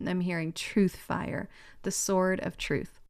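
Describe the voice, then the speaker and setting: Woman channeler, gentle and musing, light vocal fry, relays spirit messages with frequent laughs. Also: on the low side, flat delivery, takes it slowly. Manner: relays what she hears and sees, gentle and musing, laughs often.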